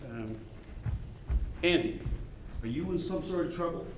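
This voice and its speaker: A man performing a brash Hollywood agent, pitched high and full of wisecracking salesman patter. Heard in a live stage play, picked up from far off across a very echoey theater with faint hiss. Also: lively intonation, measured pace. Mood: pushy. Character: brash fast-talking male Hollywood agent. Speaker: stage actor.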